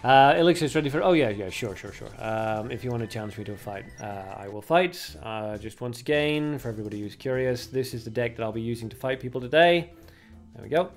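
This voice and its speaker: A man's voice: mid-range voice, fast talker. A man streaming a card game and chatting casually with his viewers. He thinks aloud and leans on lots of fillers as he plays. Faint game music runs underneath. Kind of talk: casual livestream commentary.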